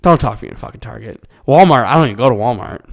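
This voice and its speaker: A young man in casual podcast chat, ranting and swearing with loud, animated jumps in pitch. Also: racing, vocal fry. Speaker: podcast co-host.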